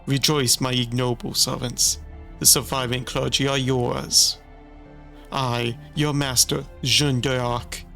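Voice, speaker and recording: A man voicing a vengeful, mocking female saint in a slow, theatrical game reading. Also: mid-range voice, gravelly, a bit bright. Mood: commanding.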